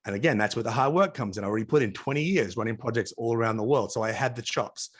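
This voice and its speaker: Australian man telling lively anecdotes. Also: medium pitch, very fast, slightly rough. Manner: animated, chatty anecdotes with asides. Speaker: interview guest. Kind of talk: casual storytelling interview. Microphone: video call.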